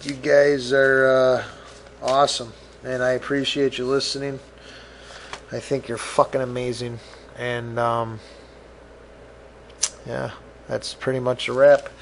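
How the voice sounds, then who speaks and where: A man's voice: medium pitch, little pitch movement, slow pace, pauses often, a little hiss or hum. A middle-aged man hosting a casual solo podcast, rambling, swearing freely and mocking himself. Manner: rambling, profane, self-mocking. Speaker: podcast host.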